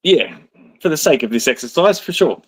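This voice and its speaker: A man's voice: a little high, animated, fairly quick, fairly bright tone, slightly rough. A man co-hosting a casual livestream, teasing his partner with cheeky, crude banter. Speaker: livestream co-host.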